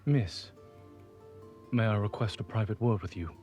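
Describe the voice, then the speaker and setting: An actor voicing a formal, reserved young gentleman suitor in a game, measured and politely courteous. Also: fairly low pitch, faint music behind, lightly acted. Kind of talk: game voice acting.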